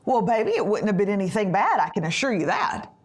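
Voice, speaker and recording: A woman doing her calm, reassuring dad. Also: medium pitch, fast talker. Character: older father, soothing and protective.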